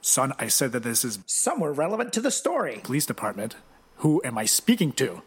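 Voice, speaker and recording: A man's voice: mid-range voice, big pitch swings, fairly quick, slightly rough, in a large hall. A man putting on the voice of a stern male police officer questioning someone over the phone, formal and authoritative.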